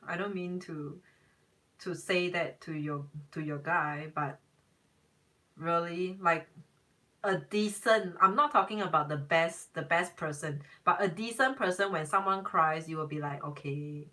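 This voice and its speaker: A woman's voice: on the low side, bright, forceful tone, far from the mic, low-quality recording. A young woman, a tarot reader, chatting casually on a live stream, emphatic and repeating herself.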